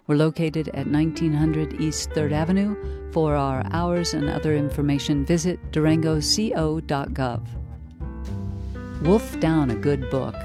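A reader calmly delivering a wry first-person novel excerpt for a library promotion. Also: mid-range voice, a little slow, over music. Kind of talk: scripted first-person audiobook-style reading.

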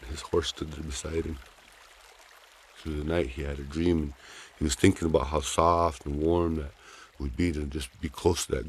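A man telling a traditional story in a folksy, animated way with casual asides. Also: very deep voice, a little hiss or hum.

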